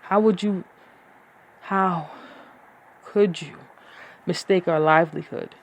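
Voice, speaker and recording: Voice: mid-range voice, steady tone, takes it slowly. A poetry reader voicing a defiant woman warrior pleading with her husband in an impassioned, declaiming poetry reading.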